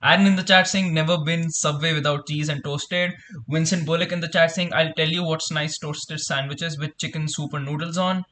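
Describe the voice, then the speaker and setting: A man's voice: a little high, steady tone, pushed and bright. A young man with an Indian English accent, casually co-hosting a watchalong and reading the chat, easygoing with lots of fillers. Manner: easygoing, filler-heavy, unhurried. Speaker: co-host, reads chat.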